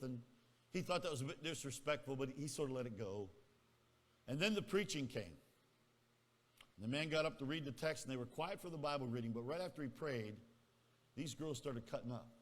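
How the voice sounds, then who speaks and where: A man's voice: fairly high pitch, bright, forceful tone, big-room sound. A man preaching a sermon at a camp meeting, telling a story with acted-out voices and teasing asides to the congregation. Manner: storytelling, acts out the people in the tale. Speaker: pastor.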